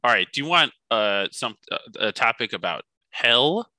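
A man's voice: mid-range voice, expressive, normal speed, bright, forceful tone, no echo. A man co-hosting a podcast, chatting casually and joking with plenty of laughs. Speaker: podcast co-host.

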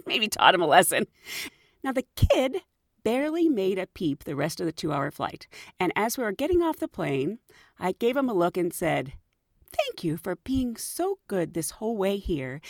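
Casting: middle-aged woman podcast host, animated, laughs a lot, very lively up and down, dry close mic. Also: medium pitch, moderate pace, no room sound. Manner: chatty, laughs often, animated. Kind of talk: storytelling podcast.

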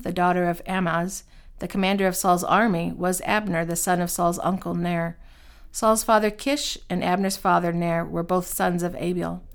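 A woman reading Bible passages aloud in a steady, expressive way, lifting her voice for quoted speech. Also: lowish voice, gravelly. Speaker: Bible reader. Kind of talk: scripture reading.

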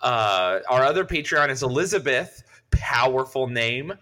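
A man's voice: medium pitch, lively intonation, measured pace, sharp tone. A man co-hosting a podcast in casual chat, joking around, swearing and laughing often. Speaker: podcast co-host.

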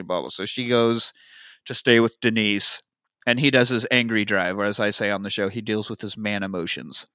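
A man co-hosting a podcast, recapping a movie with lively quoted lines, swearing and laughs. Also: fairly low pitch, normal speed, clear, resonant tone, no room sound, clean studio sound. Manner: animated retelling, quoting characters, swearing, laughing. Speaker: podcast co-host. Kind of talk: casual movie recap chat.

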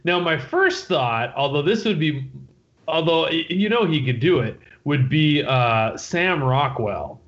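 A man's voice: on the high side, expressive, unhurried, fairly bright tone, highs cut off. A man in a casual chat, thinking aloud and laughing often.

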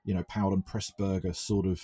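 A man's voice: deep voice, little pitch movement, a little fast, dark tone, breathy edge. A man from England co-hosting a casual film podcast, hesitant, with many restarts. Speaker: podcast co-host.

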